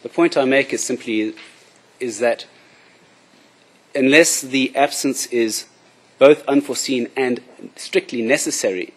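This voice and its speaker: A man making a formal, measured courtroom submission as prosecution counsel. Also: mid-range voice, husky.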